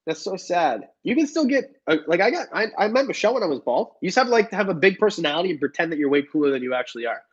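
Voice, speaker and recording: This young man hosts a reptile livestream in a high, breathy voice, talking very fast with lively intonation and few pauses. He cracks jokes and reads chat messages aloud, all through dull, lo-fi audio.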